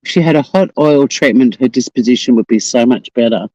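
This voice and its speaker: A man from Tasmania, Australian-accented, runs a casual outdoor live stream on the coast, swearing and joking as he talks. He has a warm, medium-pitched voice and speaks fairly quickly. The audio is dull with no room sound.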